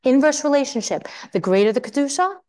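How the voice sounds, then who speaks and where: A married woman teaching a Torah class to women, telling a story in a lively way and acting out the quotes. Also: sits high, fast talker. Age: adult. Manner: animated storytelling, acts out quotes.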